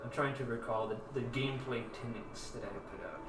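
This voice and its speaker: A man's voice: mid-range voice, steady tone, a little fast, recorded from a distance. A man running a tabletop game as game master, talking casually and laughing often. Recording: echoey room, off-mic, music playing.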